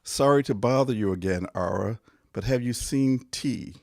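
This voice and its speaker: A man, a poet, reading his own poems aloud in a measured, deliberate way, pausing between phrases, his voice going hoarse. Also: mid-range voice, darkish tone. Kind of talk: poetry reading.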